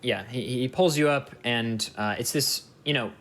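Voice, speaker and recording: A man's voice: mid-range voice, normal speed, fairly bright tone. Easygoing male dungeon master. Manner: loose, filler-heavy narration. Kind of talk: narrating a tabletop game.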